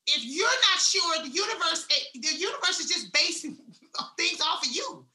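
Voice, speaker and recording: A woman giving a blunt, salty motivational talk, swinging between loud emphasis and hushed asides. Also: very high-pitched, sing-song, moderate pace, echoey room. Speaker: wellness speaker.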